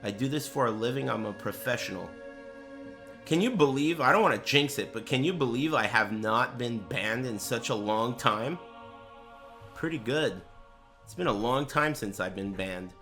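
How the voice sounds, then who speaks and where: A man's voice: mid-range voice, animated, moderate pace, fairly bright tone, soft background music. A man streaming live, chatting casually with crude, joking, rambling banter. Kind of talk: casual livestream chat.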